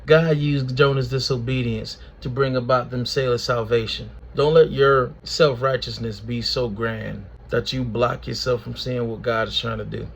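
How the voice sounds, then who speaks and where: A man hosting a casual Bible study, retelling the story in slangy, animated language. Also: mid-range voice. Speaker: host of Bible study video.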